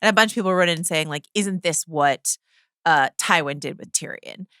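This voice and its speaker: A woman co-hosts a podcast in easygoing chat, her voice bright and forward and sitting a little low. She talks quickly and emphatically and swears casually. The sound is dry and close, with no room echo. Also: clean tone. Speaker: podcast co-host.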